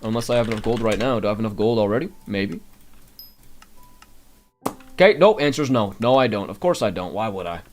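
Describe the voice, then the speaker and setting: A man's voice: fairly low pitch, a little fast, long pauses, a little hiss or hum. A man doing live gameplay commentary, grumbling and talking to his chat. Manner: animated, grumbling, talks to chat. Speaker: game streamer.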